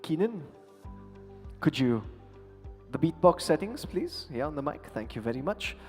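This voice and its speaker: A playful male emcee with a fairly high voice banters with a live audience on a handheld mic. His words ring out with a long echo through a big conference hall, and soft music sits faintly underneath. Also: sing-song, unhurried. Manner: playful, teasing, chatty with the crowd. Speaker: event host and emcee. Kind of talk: lively stage hosting with audience banter. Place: large conference hall stage. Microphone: handheld microphone.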